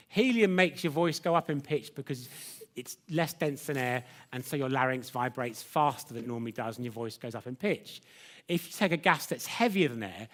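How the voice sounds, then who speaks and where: This man's voice is medium-pitched with a fairly bright tone. He's presenting a science demo lecture live in a lecture theatre before an audience, keeping things chatty and jokey and ribbing his assistant.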